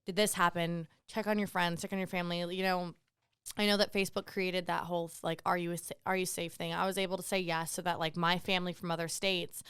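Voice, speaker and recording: A woman bartender chats casually on a podcast and drifts from one tangent to the next. Her voice is very smooth and crisp. The room sound is dry and close. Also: fairly low pitch, level tone, fast talker, a bit bright, no echo. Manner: chatty, laughs often, goes off on tangents. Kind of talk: casual chat.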